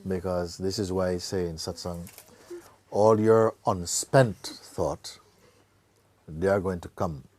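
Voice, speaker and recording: A man giving a spiritual talk to a gathering, telling a story in a slow, playful way and acting out characters with gasps and laughter. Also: sits low, fairly even intonation, a little mellow. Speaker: spiritual teacher.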